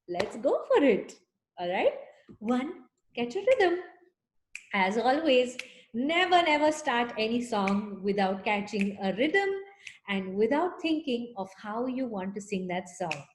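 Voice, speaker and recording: High-voiced woman teaching children music. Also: big pitch swings, takes it slowly, slight background noise. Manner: addresses young children in an encouraging teacherly way. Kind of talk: online music lesson for children. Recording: echoey room.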